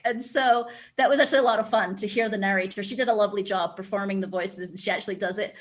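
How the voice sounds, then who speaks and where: A woman's voice: fairly high pitch, quick pace, few pauses. Scottish woman, author guest, reads her own prose, then chats with upbeat enthusiasm. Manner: chatty and enthusiastic. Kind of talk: reading her novel aloud, then interview chat.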